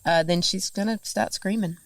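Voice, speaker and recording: A woman from New Zealand with a New Zealand accent, talking casually as a podcast guest and telling stories with lively acted-out dialogue. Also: medium pitch, normal speed, dry recording. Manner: animated storyteller, laughs often, acts out dialogue. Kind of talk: casual conversation. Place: farm, recorded in person.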